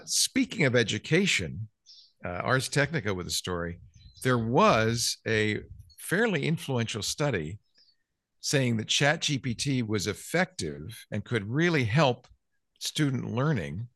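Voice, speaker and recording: A man's voice: medium pitch, sing-song, measured pace, fairly bright tone, no echo, clean studio sound. A man hosting a casual tech news chat, reading out news quotes with jokey asides. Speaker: podcast host.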